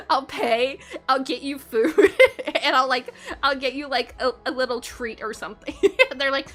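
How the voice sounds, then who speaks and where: High, bright, giggly young woman streamer. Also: measured pace, soft background music. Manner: giggly, chatty, laughs often between sentences. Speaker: streamer chatting with live chat. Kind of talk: casual live-stream chat.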